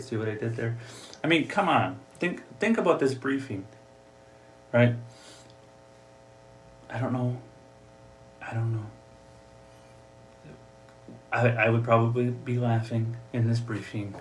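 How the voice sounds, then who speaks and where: A man's voice: mid-range voice, takes it slowly, pauses often, slight background noise. A man with an Upper Midwest American accent hosting a casual solo podcast from his home office, jokey and talkative. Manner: chatty, jokey, acts out voices for gags. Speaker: podcast host. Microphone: desk mic, also streaming live.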